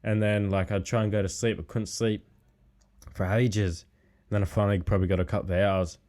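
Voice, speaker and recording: A man's voice: on the low side, little pitch movement, fairly quick, darkish tone. A man talking as a podcast guest in a laid-back, rambling way, swearing a lot. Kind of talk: casual chat.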